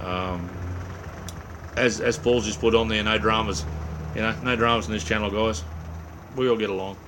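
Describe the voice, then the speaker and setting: An Australian man with a fairly low, fairly even-toned voice speaks at normal speed against a noisy background. Hosting a late-night livestream after little sleep, he rambles casually to viewers, laid-back and full of fillers, friendly slang, "mate," and "um."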